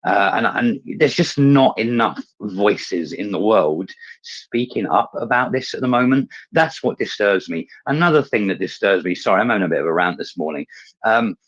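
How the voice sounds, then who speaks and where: A man's voice: fairly low pitch, animated, normal speed, a bit bright, low-quality recording. A man in an online audio chat room ranting angrily, swearing and fuming as he talks. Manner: angry, fuming; swears heavily. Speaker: participant in a live audio chat space. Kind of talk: impassioned rant.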